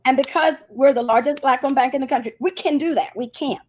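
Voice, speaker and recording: Woman, high voice, animated storyteller, interview guest, acts out quoted voices. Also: fast. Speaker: marketing agency CEO, guest.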